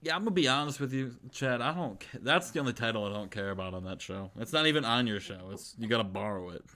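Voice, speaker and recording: A man's voice: mid-range voice, lively intonation, quick pace, sharp tone. A man co-hosting a podcast, giving dry, laid-back reactions in casual chat. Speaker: podcast co-host.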